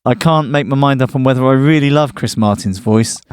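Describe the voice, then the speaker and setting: A man's voice: mid-range voice, brisk, smooth, no room sound. A man co-hosting a podcast, chatting casually about an album with friends and laughing easily. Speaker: podcast co-host. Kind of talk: casual music discussion.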